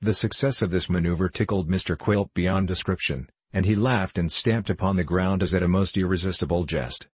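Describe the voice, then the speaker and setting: A man narrating a classic novel as an audiobook in a measured storytelling delivery. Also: low voice, slightly rough, dry recording. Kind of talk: scripted narration.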